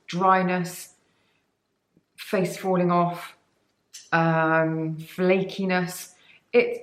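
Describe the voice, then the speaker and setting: Low-ish woman, beauty vlogger, chatty and cheeky, echoey room. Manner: chatty and enthusiastic, with rambling cheeky asides. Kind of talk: sponsored product chat to camera.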